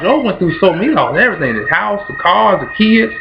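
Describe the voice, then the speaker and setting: A man's voice: sits high, sing-song, fairly quick, creaky, hardly any pauses, background noise. A man from Kentucky with a Kentucky accent, preaching motivationally in a rhythmic, repetitive cadence. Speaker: host. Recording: dull lo-fi with music behind. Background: background music.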